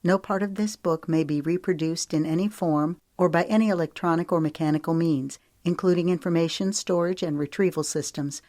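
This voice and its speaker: A woman narrating a romance audiobook in a smooth, measured storytelling manner on a close studio mic. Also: on the low side, fairly even intonation, a little mellow, dry recording. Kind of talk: scripted narration.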